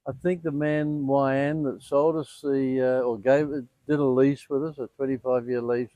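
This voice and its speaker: An older man who owns a sound healing center, telling animated stories in an interview. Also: mid-range voice, moderate pace, no echo. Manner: animated anecdotes with quoted dialogue. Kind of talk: storytelling in an interview.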